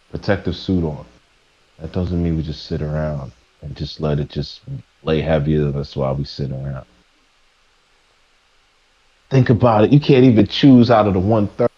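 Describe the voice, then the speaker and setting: A man's voice: deep voice, moderate pace, pauses often, dark tone, dull audio. A man streaming live, ranting preachily to his chat, stumbling and restarting as he presses his points. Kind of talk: casual rant to a live chat.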